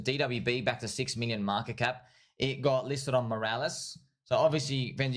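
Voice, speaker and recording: Excitable man rambling to stream viewers. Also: mid-range voice. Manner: excitable, repetitive, addresses viewers as friends and bro. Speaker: livestream host. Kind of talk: rambling casual commentary. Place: at home streaming.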